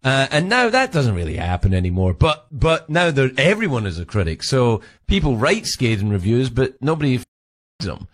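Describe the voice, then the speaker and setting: A man's voice: mid-range voice, wildly swooping pitch, moderate pace. A man with a Scottish accent in casual conversation, who laughs often. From Scotland.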